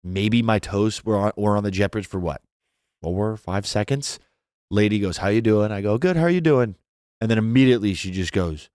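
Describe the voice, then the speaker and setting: A young man co-hosting a casual podcast, telling stories and jumping into high voices to mimic others. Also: normal speed, no room sound, clean studio sound. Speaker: podcast co-host. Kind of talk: casual chat, storytelling.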